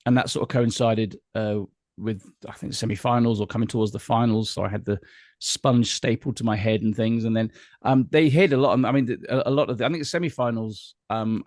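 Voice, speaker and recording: A middle-aged British man talking candidly in an interview, with a wry, halting manner and many restarts. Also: medium pitch, a little mellow, no echo, clean studio sound. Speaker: guest entertainer. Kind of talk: interview conversation.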